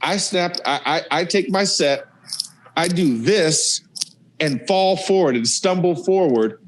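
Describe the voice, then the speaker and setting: A man's voice: high voice, a little slow, rough recording. Playful man retelling football memories. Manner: excited, playful storyteller who acts out scenes. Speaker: guest, former college football lineman. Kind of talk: casual storytelling on a podcast.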